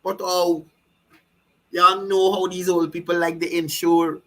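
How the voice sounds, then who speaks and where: A man's voice: sits high, little pitch movement, unhurried, rough recording. A man with a Guyanese accent giving fiery, mocking political commentary. He keeps repeating himself and asking the listener if they understand.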